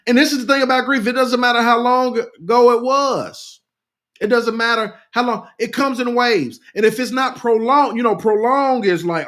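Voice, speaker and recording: A man with an unusually high voice leads an impassioned live talk. He repeats key phrases for emphasis, calls his listeners "y'all" and reads their comments aloud. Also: moderate pace, fairly bright tone. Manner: repetitive, rousing, addresses listeners as "y'all". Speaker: grief speaker hosting a live talk.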